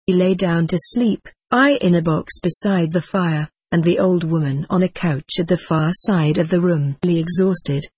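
An audiobook reader giving steady, measured first-person narration of a scripted story. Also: mid-range voice, slightly rough, no echo.

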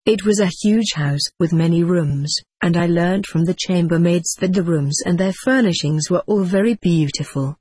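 A woman narrating a first-person memoir in a measured, somber storytelling manner. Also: lowish voice, a little mellow, breathy edge, dry recording. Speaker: audiobook narrator.

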